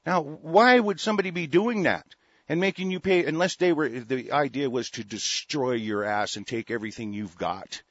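A show host with a mid-range, fairly bright, slightly rough voice rants angrily about politics at a moderate pace, swearing often and restarting sentences in his heat. The recording is dull, lo-fi and dry, with no room sound.

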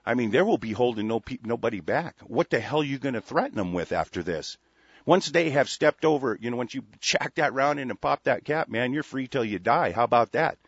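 Husky-voiced man ranting on the radio. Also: medium pitch, lively intonation, a little fast, no room sound, lo-fi sound. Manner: profane, combative ranting. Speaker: radio show host. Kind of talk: heated monologue on internet radio.

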